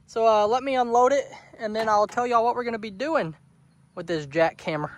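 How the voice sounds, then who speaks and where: A man's voice: extremely high pitch, a little fast, a little hiss or hum. A young man, chatting casually to his viewers outdoors on a rural homestead, repeating himself and calling them y'all. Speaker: homestead vlogger. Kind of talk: casual vlog talk to camera. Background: insects and crickets.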